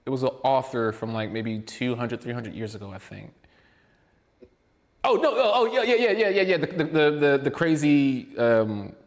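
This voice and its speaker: A man co-hosting a podcast in casual chat, rambling and excitable, prone to tangents. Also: mid-range voice, normal speed, in a large hall. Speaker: podcast co-host.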